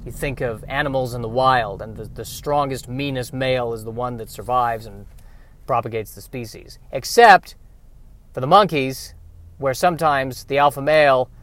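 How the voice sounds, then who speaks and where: A man's voice: mid-range voice, normal speed, a bit bright. A man doing a stand-up monologue, musing in a rambling, self-deprecating way. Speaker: comedian.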